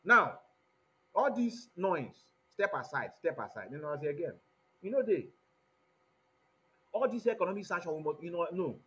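A man with a Nigerian accent hosting an online commentary stream, talking in an animated way and switching between Igbo and English mid-sentence. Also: on the high side, moderate pace, long pauses, a little hiss or hum. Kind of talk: livestream commentary. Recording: dull lo-fi audio.

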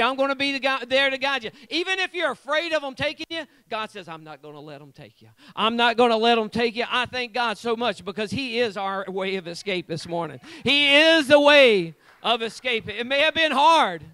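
Male lay preacher with a smooth, resonant, bright voice, preaching a fervent and repetitive sermon in a church and calling on congregants by name. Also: very high-pitched, expressive, moderate pace. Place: church sanctuary.

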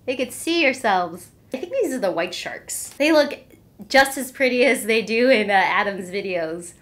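A young woman in a casual unboxing vlog, excitable and gushing, squealing and gasping as she opens gifts. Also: fairly high pitch, unhurried.

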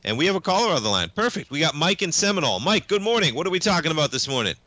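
Brief: bright-voiced young male talk-radio host, dry studio sound, upbeat and chatty. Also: on the high side, very fast, dry recording. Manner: energetic, casual, says "man" a lot. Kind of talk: live market talk show.

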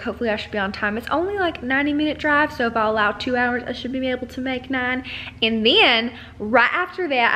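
A woman's voice: fairly high pitch, a little hiss or hum. A woman in her twenties with a Southern US accent, chatting casually and telling stories to the camera in a vlog. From Georgia, USA. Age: 20s. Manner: chatty, animated storytelling. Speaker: vlogger.

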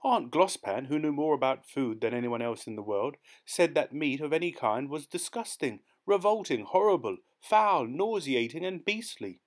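A man voicing a naive, excitable seventeen-year-old boy who speaks in a fussy, formal way. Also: mid-range voice, brisk, hardly any pauses, lightly acted. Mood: eager.

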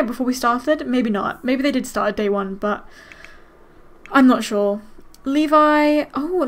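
A young adult woman hosting a casual let's-play, thinking aloud and gasping excitedly as she plays. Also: high voice. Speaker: gaming host.

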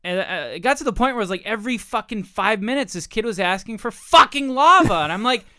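A young man co-hosting a casual comedy podcast, telling a rambling, profane story in an animated way. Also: sits high, quick pace, clear, resonant tone. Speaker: podcast co-host and server admin.

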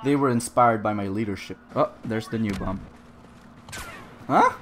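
A young man giving lively, sarcastic commentary over his own gameplay, boasting in jest and swearing freely. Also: lowish voice, normal speed. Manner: mock-boastful, jokes about himself. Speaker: gaming video creator.

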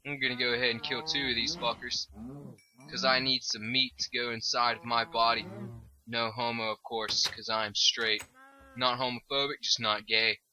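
A young man giving rambling, crude, joking commentary over gameplay, now and then jumping to high excited squeals. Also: moderate pace, a little hiss or hum, poor audio. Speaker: gaming video host.

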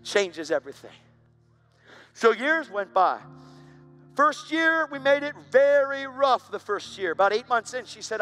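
High-voiced man preaching an intense testimony. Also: very animated, unhurried, sharp tone, faint music behind. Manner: intense, dramatic storytelling. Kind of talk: sermon testimony.

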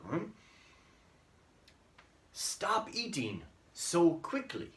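A man teaching an online English lesson, saying words slowly and repeating them with frequent tag questions. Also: mid-range voice, very animated, a bit bright.

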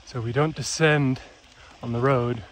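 Slow-talking, hesitant male vlogger outdoors. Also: medium pitch, steady tone, slight background noise. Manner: candid, hesitant, with fillers and restarts. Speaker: bikepacking vlogger. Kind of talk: casual self-filmed vlog. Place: outdoors on a mountain pass.

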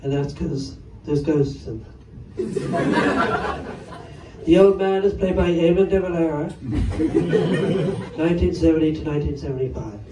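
A man's voice: a little high, a little slow, pauses often, a crowd in the background. Male stand-up comic, wry and rambling, recorded live from a distance in a roomy club with audience noise behind. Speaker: stand-up comedian. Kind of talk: stand-up set with crowd work. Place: comedy club stage. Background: audience laughter.

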